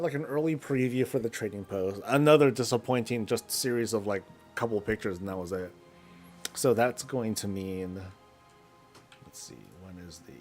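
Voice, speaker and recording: A man streaming a video game, chatting loosely with viewers and answering their questions while he plays. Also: medium pitch. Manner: rambling, answers chat between in-game moves. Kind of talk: casual live-stream chat while gaming. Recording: faint background music.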